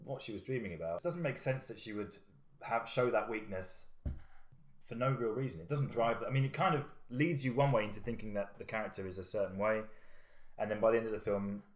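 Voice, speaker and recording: Low-voiced man rambling about a film. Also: fairly quick, reverberant. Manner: rambling, with frequent fillers and restarts. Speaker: podcast co-host. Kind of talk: casual film review chat.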